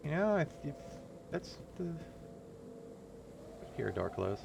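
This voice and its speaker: Animated man joking through a game. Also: slow pace, creaky, a little hiss or hum. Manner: loose, profane running jokes with sudden pitch jumps. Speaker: streamer. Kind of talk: casual gameplay commentary.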